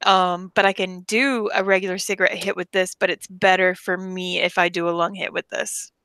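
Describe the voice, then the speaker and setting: A woman's voice: on the low side, little pitch movement, normal speed, fairly bright tone, smooth, no echo. A woman chatting casually on a livestream, rambling with lots of fillers. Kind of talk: casual chat.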